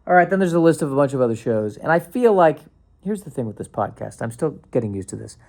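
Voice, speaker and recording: A man's voice: medium pitch, sing-song, fast, vocal fry, a little mellow. A man hosting his own podcast, rambling casually with sarcasm, restarts and bursts of mock panic. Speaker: podcast host.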